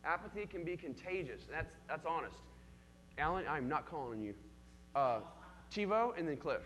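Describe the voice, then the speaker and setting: Bright-voiced youth leader man in hall. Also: a little high, animated, moderate pace, slight background noise. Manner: engaging, questions the group by name. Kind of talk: interactive church youth teaching.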